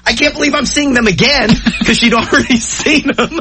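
A man's voice: extremely high pitch, fairly quick, music in the background. A man hosting a podcast in casual chat, giving short encouraging replies and laughing easily.

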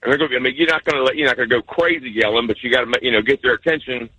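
A male EMT calling in to a radio show, talking easily with many pauses and fillers. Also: mid-range voice, steady tone, sharp tone, slightly rough, no echo, muffled recording. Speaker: caller, EMT. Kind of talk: phone-in conversation.

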